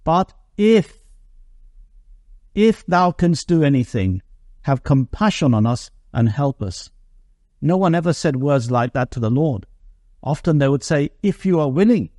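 A man preaching a sermon, reading Bible verses in an earnest voice that slows and lifts on the quoted lines. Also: fairly high pitch, sing-song, warm tone, dry recording, studio quality.

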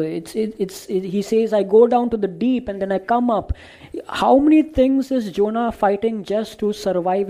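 Mellow-voiced preacher building emphatic repetitions. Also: mid-range voice, poor audio. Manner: emphatic, builds repeated phrases, reads and quotes scripture verses; frequent restarts and stumbles. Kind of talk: sermon.

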